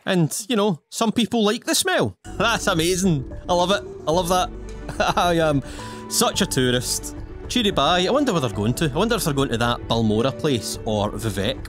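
A man's voice: on the high side, expressive, moderate pace, a bit bright. A man giving cheeky, rambling, in-character commentary while playing a video game. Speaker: gaming YouTuber. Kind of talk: playful in-character gameplay commentary. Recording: game music playing behind.

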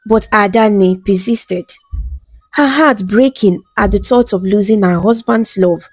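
A woman narrating a bedtime folktale in a smooth, even storytelling read. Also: mid-range voice, a little slow, no room sound.

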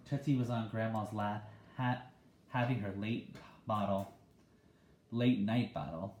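A man reads a children's novel aloud in a relaxed, conversational manner. His voice is lowish and mellow. The recording has a roomy echo. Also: a little slow, slight background noise. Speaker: reader. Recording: echoey room.

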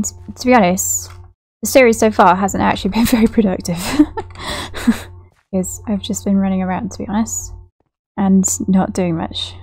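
A woman's voice: medium pitch, gravelly, warm tone. A woman chatting casually through gameplay as a gaming YouTuber, rambling and giggly.

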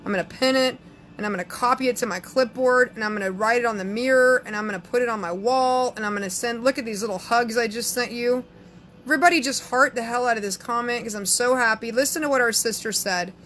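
A woman's voice: on the high side, fast, a bit bright. A sassy woman with a Southern accent, a psychic chatting casually on a live stream and reading viewers' comments aloud. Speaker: psychic answering live chat.

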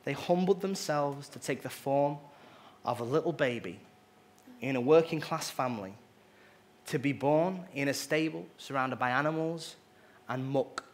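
A man's voice: mid-range voice, unhurried. A man preaching a sermon, earnest and emphatic, with casual conversational asides. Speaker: pastor.

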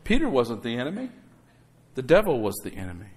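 A man's voice: medium pitch, huge pitch swings, brisk, husky. Man preaching with call-and-response. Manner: exhorting, calls for amen from congregation; conversational asides and rhetorical questions. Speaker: pastor. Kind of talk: sermon.

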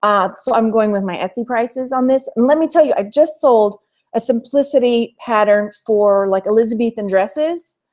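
A woman's voice: a little high, moderate pace, darkish tone. A chatty woman with a Texan accent hosting a live thrift haul stream, laughing often and reading viewer comments aloud. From Texas. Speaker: thrift haul livestream host. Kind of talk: casual live-stream chat.

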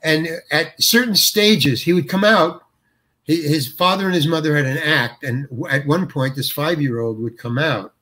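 In an interview, an older male actor with a rather high, sharp-toned voice recounts a story haltingly. He keeps restarting and performs the quoted lines himself.

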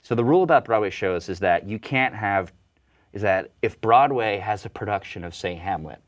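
A young man, an actor, chatting in an interview and telling relaxed, joking stories. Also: on the low side, moderate pace, dull audio. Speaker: actor and guest. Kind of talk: casual interview chat.

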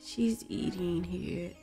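A woman with a high, slightly rough voice hosts a casual let's play, chatting and exclaiming at the characters in her game. Faint music plays in the background.

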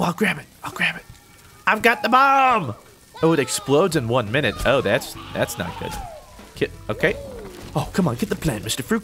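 A young man giving casual, excitable, self-mocking commentary while playing a shooter game. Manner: excitable, self-mocking, pitch jumps on surprises. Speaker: gaming YouTuber.

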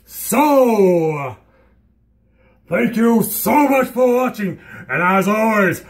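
A young man rambling in a hyper, giddy vlog monologue, swinging between squeals and low mutters. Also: expressive, extremely slow, long pauses. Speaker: vlogger.

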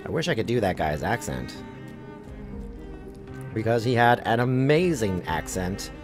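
A man streaming a game live, chatting casually and reacting loudly to what happens on screen. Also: on the low side, big pitch swings, a little slow. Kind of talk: live gameplay commentary. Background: game music.

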